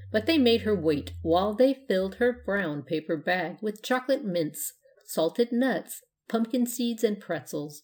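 A woman narrating a children's storybook in a steady, gentle way. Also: mid-range voice, a little slow. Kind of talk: storybook reading.

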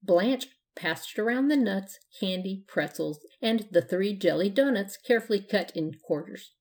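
A woman narrating a children's storybook in a steady, gentle way. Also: mid-range voice, measured pace. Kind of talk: storybook reading.

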